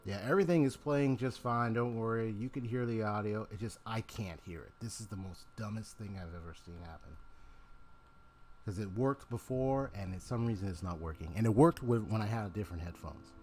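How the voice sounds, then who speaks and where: A man's voice: fairly low pitch, brisk, a little mellow, a little hiss or hum. A man chatting casually to his live-stream viewers, rambling with lots of fillers and restarts, on a desk microphone at his home gaming setup.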